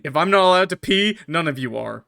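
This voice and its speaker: A man's voice: lively intonation, brisk, creaky, pushed and bright, slight background noise. Joking man voicing game dialogue. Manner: voices game characters with raised pitch, joking and swearing. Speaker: gaming streamer. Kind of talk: let's play with voiced dialogue reading. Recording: music playing behind the voice. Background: game music.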